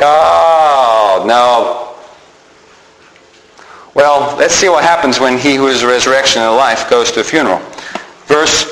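The preacher here has a somewhat high, slightly bright voice. He reads passages of scripture and acts out the mourners' words, with the room sounding echoey and faintly noisy.

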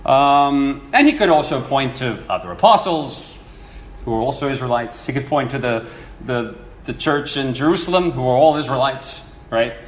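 Animated male preacher in an echoey room. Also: mid-range voice, normal speed. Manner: animated storytelling, acts out quoted voices. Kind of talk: sermon teaching. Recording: echoey room with faint ambience.

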